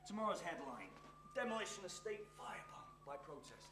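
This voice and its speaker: A man's voice: sits high, very animated, fairly quick, echoey room, noisy background. An actor playing a menacing, scheming male arsonist on stage, taunting and sneering. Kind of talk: stage play performance.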